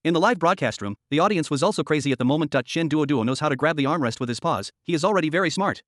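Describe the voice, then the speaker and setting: Fast, dry-voiced male story narrator. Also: on the high side, expressive, a bit bright, no echo. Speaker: recap narrator.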